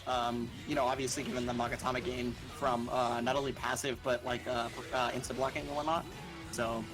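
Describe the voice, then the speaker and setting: A mid-pitched man giving live esports commentary, breaking down fighting-game mechanics in detail. He talks through the match as a technical explainer. Game music plays clearly behind his voice. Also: flat delivery, brisk, poor audio. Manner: technical explainer, laughs between points. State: has the hiccups. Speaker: tournament commentator.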